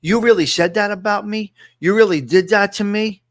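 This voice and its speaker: A man's voice: high-pitched, normal speed, dry recording, low-quality recording. A man hosting a casual live-stream show, boastful and joking, often repeating himself.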